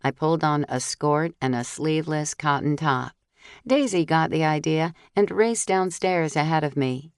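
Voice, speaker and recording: A woman with a notably low, deep voice reads a first-person mystery audiobook. She tells the story in a steady, clear way and voices the other characters' lines. The recording is close and dry, with no room sound. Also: moderate pace, no room sound. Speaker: audiobook narrator.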